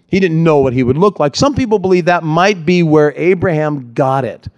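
Male pastor preaching a sermon, animated delivery, slightly high voice.

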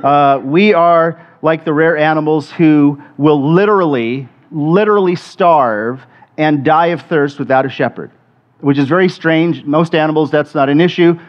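This muffled, lo-fi recording captures a middle-aged pastor preaching conversationally in a slightly high, unhurried voice. He often restarts and repeats words.

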